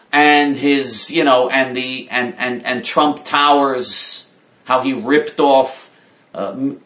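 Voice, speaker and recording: A man delivers heated political commentary. His voice sits at an ordinary middle pitch, and he hammers his points home again and again. The sound is roomy and echoey. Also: a bit bright. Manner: indignant, emphatic, repeats himself.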